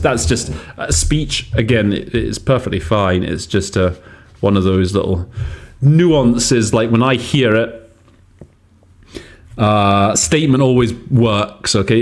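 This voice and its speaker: A man with a lowish voice hosts a casual teaching podcast. He talks through translation choices at an easy pace, pausing, restarting and thinking aloud as he goes. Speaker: host and interpreting teacher.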